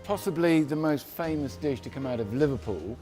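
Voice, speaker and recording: A man's voice: on the high side, lively intonation, brisk, warm tone, faint music behind. A man from London giving a casual cooking demonstration, chatty and rambling, often correcting himself as he goes. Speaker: cook.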